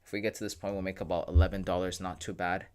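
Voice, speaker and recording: A man's voice: low-pitched, flat delivery, fast, a little mellow, clear, resonant tone. Man, livestream host, casual and slangy, joking, reads chat aloud.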